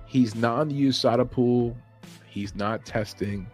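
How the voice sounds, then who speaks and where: A man's voice: medium pitch, a little slow, faint music behind. A man hosting a podcast in a casual opinion chat, rambling, opinionated and chuckling as he talks. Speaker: podcast host.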